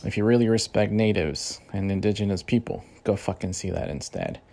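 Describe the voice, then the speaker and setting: Gravelly, foul-mouthed man ranting. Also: lowish voice, fairly quick, dark tone. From Mexican-American. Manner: heated, loose, heavy swearing and fillers. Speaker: podcast host. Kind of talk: profane casual rant.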